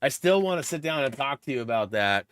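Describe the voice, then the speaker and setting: Middle-aged male stream host, bright voice, dry room, chatty and rambling. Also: mid-range voice, expressive, smooth, dry recording. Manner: rambling storyteller, quick asides and laughs. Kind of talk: casual live-stream chat.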